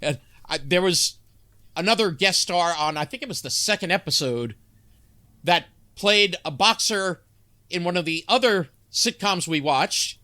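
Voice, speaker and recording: A man's voice: sits high, expressive, pushed and bright. A man co-hosting a sitcom podcast, chatting casually with frequent restarts and laughter. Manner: halting, lots of restarts and laughs. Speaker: podcast co-host. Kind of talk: casual chat.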